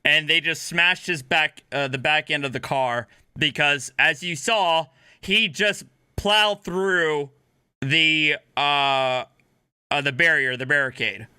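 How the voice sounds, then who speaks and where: A man's voice: fairly high pitch, takes it slowly, background noise. A man giving rambling, profane reaction commentary, correcting himself as he goes and a bit drunk. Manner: rambling, heavy swearing, self-correcting. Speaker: commentary host.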